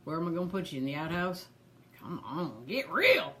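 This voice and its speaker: A woman's voice: on the low side, sing-song, normal speed, a bit bright, slight background noise. A woman voicing a harried, gossipy old granny who rambles in a folksy drawl while hosting a pearl party. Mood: chatty. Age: older. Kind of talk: comedic character live stream.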